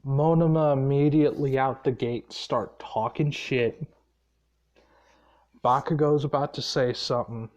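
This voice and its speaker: A tired man retells a fan story off the cuff. He talks slowly and drawls, pausing on fillers. He swears freely as he rambles along. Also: mid-range voice, fairly even intonation, a little mellow, muffled recording. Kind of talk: casual unscripted story retelling.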